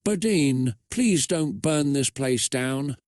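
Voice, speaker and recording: A man's voice: medium pitch, animated, takes it slowly, darkish tone, no echo, studio quality. A man doing a desperate, cursing teenage girl.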